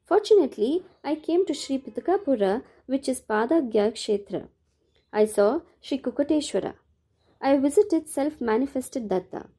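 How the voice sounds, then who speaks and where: A woman reads a devotional audiobook aloud in a measured, steady way. Her voice is mellow and soft-edged, and it sits a little above the usual range for a woman. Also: high-pitched, slightly rough. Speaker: audiobook narrator. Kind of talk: scripted devotional narration.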